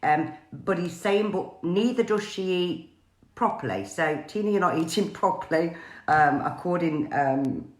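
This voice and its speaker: A woman psychic medium, doing a live-streamed spirit reading in a halting way full of fillers and pauses. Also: on the low side, animated, a little mellow, reverberant. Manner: hesitant, many fillers and pauses.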